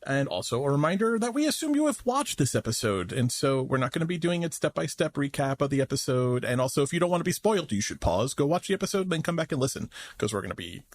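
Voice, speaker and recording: Male podcast co-host, jokey and animated, dry close mic. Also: fairly high pitch, quick pace, hardly any pauses, dry recording. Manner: animated, jokey, laughs often. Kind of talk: casual TV recap chat.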